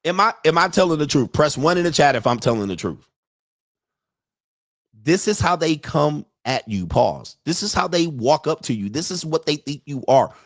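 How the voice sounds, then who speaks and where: A man's voice: a little high, expressive, moderate pace, no room sound, studio quality. A man hosting a livestream, giving a profane, mocking rant and often laughing at his own points. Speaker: host of a dating and lifestyle livestream.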